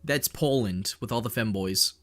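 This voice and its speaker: A man's voice: fairly low pitch, moderate pace. Profane Canadian guy rambling on stream. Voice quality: monotone. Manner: rambling, profane, jokey, reads and answers chat. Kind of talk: casual live-stream chat.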